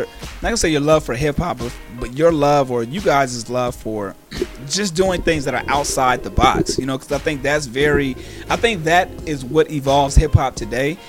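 A man hosting a casual interview in a loose, animated way, swearing freely. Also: medium pitch. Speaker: talk show host. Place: studio with sirens outside.

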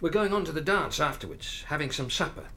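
An actor playing a gentle middle-aged father who coaxes his daughter affectionately. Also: fairly high pitch, animated, brisk, a little hiss or hum. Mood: coaxing. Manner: coaxing, affectionate. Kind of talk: radio drama acting.

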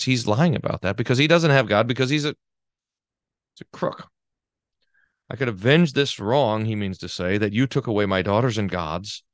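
A man's voice: medium pitch, no echo, clean studio sound. A man, a pastor, teaching a Bible class in a conversational way, reading quotations aloud and commenting with frequent restarts. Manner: lively, restarts often, reads quotations with emphasis.

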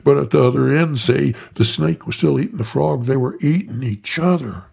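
Gravelly folksy male storyteller. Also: medium pitch, a little mellow. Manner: unhurried, addressing listeners by name.

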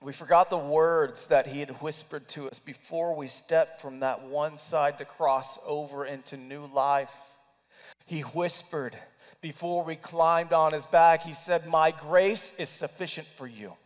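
A man's voice: fairly high pitch, level tone, unhurried. Emotional preacher man in an echoing hall. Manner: emotional, swings between loud urging and hushed near-whispers. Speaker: pastor. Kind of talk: sermon.

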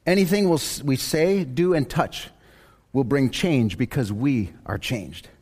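A man's voice: medium pitch, expressive, a little slow, a little mellow, breathy edge. A man preaching a sermon as a pastor, in a conversational way with joking asides.

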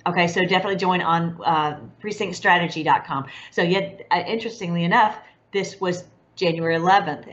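Lady hosting her web show, rambly and excited, laughs a lot, lowish voice, muffled lo-fi sound. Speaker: online show host. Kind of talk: casual religious commentary. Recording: dull lo-fi sound.

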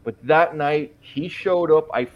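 A man's voice: fairly high pitch, measured pace, dull audio. Earnest man telling his testimony. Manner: earnest and emphatic, quoting his own prayers. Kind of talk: personal testimony in a podcast interview.

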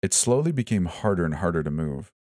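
A man narrating a first-person horror story with a steady, even reading. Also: low voice, brisk, no room sound, clean studio sound.

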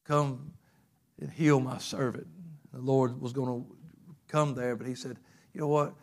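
A man preaching a fervent sermon, telling stories and swinging from loud bursts to hushed passages. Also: medium pitch, flat delivery, measured pace, creaky.

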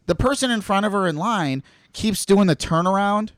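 Man, animated rant, lively swooping voice, slightly high, dry close sound. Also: moderate pace, dry recording. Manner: ranting, animated, swears freely. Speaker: podcast co-host. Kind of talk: casual chat.

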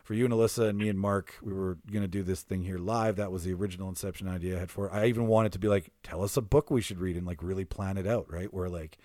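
A man's voice: low-pitched, fairly even intonation, fast talker, few pauses, darkish tone, dry recording, clean studio sound. A man hosting a podcast in casual chat, rambling and laughing often, swearing now and then. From Canada. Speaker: podcast host.

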